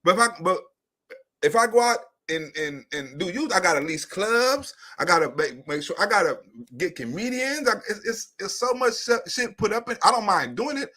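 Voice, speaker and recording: A man's voice: high-pitched, moderate pace. A man hosting his own online comedy show, talking off the cuff in a rambling, profane monologue with frequent laughs. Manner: profane, rambling, animated, laughs between points. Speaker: comedian and YouTube host. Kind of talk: unscripted livestream monologue.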